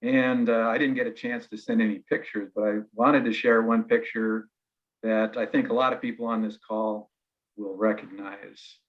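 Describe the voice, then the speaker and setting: Deep-voiced man over dull call audio. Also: level tone, normal speed. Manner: easygoing, with uhs. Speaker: cousin sharing a photo. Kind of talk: memorial remarks. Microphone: video call.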